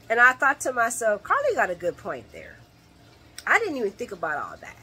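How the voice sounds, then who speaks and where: A woman hosting a casual late-night soap opera recap vlog, animated and laughing often as she acts out characters' lines. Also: a little high, a little fast, breathy edge.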